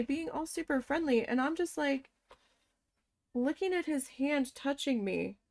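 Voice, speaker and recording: A woman casually telling a story from her past, animated and swearing as she quotes her own shocked reactions. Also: high-pitched, measured pace. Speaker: crafting vlogger.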